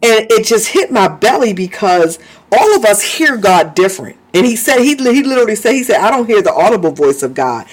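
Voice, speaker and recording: A man preaching a sermon in a fervent way, often stopping to praise, speak in tongues and laugh. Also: extremely high pitch.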